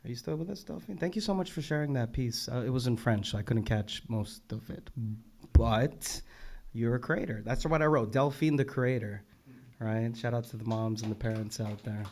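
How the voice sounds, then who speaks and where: A young man hosting a live poetry open mic, enthusiastically reading back lines and thanking each poet, swinging between soft murmurs and loud shout-outs. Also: medium pitch, normal speed. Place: poetry venue on a stage with an audience.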